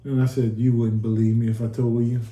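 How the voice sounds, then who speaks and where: The recording carries a little hiss or hum and an echo from the room. A guest with a warm, mid-range voice that barely shifts in pitch speaks fairly quickly, earnestly recounting his near-death story in a casual chat and acting out the dialogue.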